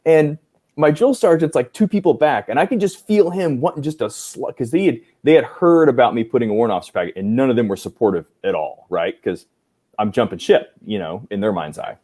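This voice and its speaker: A man in his forties, a guest on a podcast, telling lively stories about his army career and acting out the people he quotes, with many fillers. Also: mid-range voice, brisk. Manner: animated, acts out quoted dialogue, many fillers. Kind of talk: casual storytelling interview.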